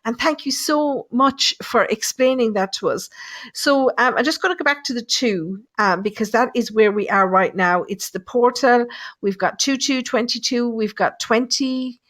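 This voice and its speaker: A woman's voice: on the high side, normal speed, fairly bright tone. A middle-aged woman hosting a live online show, chatty and laughing often. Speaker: host, medium.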